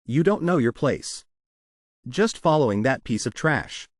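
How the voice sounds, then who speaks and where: A man's voice: mid-range voice, big pitch swings, measured pace, no room sound. Man doing a cruel young bully, sneering and contemptuous, dry close sound. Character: brutal arrogant young male trainee bully.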